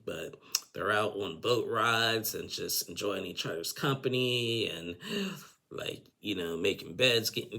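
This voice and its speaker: A man's voice: lowish voice, creaky, sharp tone. A man giving a casual, rambling recap of a reality show, full of filler phrases. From United States. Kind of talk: casual commentary.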